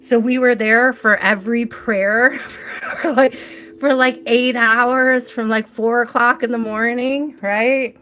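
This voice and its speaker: A young adult woman with a fairly high voice tells a long personal story on her live tarot stream. She talks casually and laughs often. Her speech is full of "like" and "right?". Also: steady tone, slow, bright, forceful tone. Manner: chatty, laughs often, many "like" fillers.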